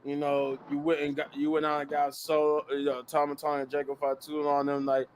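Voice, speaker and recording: A man co-hosting a podcast, recapping events in an animated casual way and laughing easily. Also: a little high, a little fast, a little hiss or hum. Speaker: podcast co-host.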